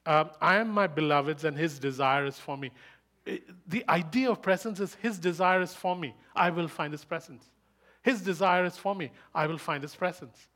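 A man's voice: on the high side, a bit bright. A man preaching a sermon to a live audience, telling a personal story with frequent laughter and repeating key phrases for emphasis.

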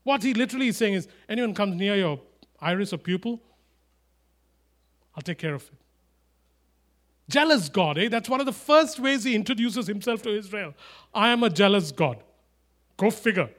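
A man preaching a sermon, animated and emphatic, with chatty asides and humorous stories. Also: high voice, moderate pace, long pauses. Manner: animated, rising to loud emphatic declarations.

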